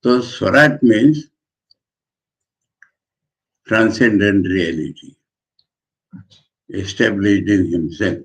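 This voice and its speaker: Slow, deliberate monk lecturing. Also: male voice, on the low side. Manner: measured, pausing between phrases, breaks into quoted prayers. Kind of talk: slow scripture commentary lecture. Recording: dull lo-fi lecture recording.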